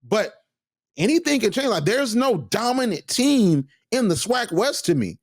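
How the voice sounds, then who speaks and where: A man co-hosting a sports talk show, opinionated and animated, with frequent restarts. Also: high voice, a little slow, no room sound, studio quality. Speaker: co-host.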